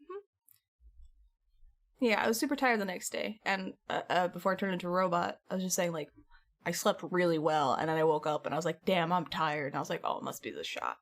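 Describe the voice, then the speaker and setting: A woman's voice: fairly low pitch, moderate pace. A young woman streaming from home, chatting casually and answering her live chat as she goes. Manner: chatty, reads and answers chat messages, rambling.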